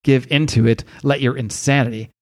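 A man's voice: medium pitch, steady tone, a little fast, no echo, studio quality, lightly acted. A man voicing a cryptic, commanding male Egyptian moon god while retelling a comic on a podcast. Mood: urging.

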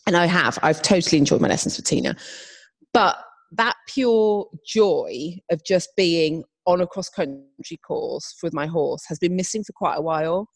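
Brief: woman, young, podcast co-host, animated storyteller, husky edge. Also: on the low side, normal speed, no echo. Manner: animated storytelling, acts out quotes. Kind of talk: casual chat.

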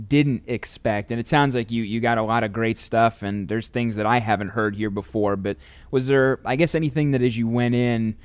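A man's voice: medium pitch, fairly even intonation, normal speed, hardly any pauses, smooth, dry recording. A man from St. Louis hosting a podcast interview, asking long, winding questions in a conversational way. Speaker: podcast host.

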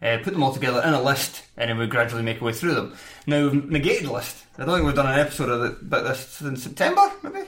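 A man's voice: mid-range voice, very animated, quick pace, fairly bright tone. A man hosting a casual podcast, talking loosely with lots of fillers and self-mocking asides. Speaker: podcast host. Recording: roomy echo.

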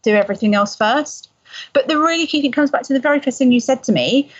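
A woman explaining parenting advice in a calm, gentle conversational way. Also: high-pitched, racing. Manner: calm, gentle, soothing when voicing a parent. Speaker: parenting expert guest. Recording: slightly dull lo-fi sound.

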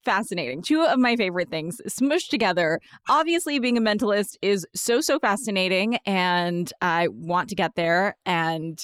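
A woman's voice: medium pitch, animated, a bit bright, clean tone, no room sound. Woman, podcast host, eager questions, dry close sound. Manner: enthusiastic, reacts with quick laughs and remarks. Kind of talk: interview questions.

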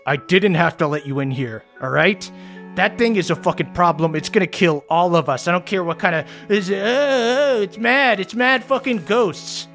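An edgy, foul-mouthed mercenary , voiced by a man, raises his pitch above the storyteller's own and snaps back defensively. A low bed of music plays under him. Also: a bit bright, exaggerated voice. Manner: swearing, defensive, agitated. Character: scared, hot-tempered male mercenary in a ram helm.

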